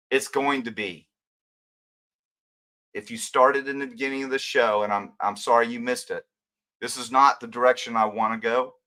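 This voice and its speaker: An older man, a former detective, hosts a livestream and rambles emotionally while answering viewer comments. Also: medium pitch. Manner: emotional, ranting, rambling, swings between loud and quiet.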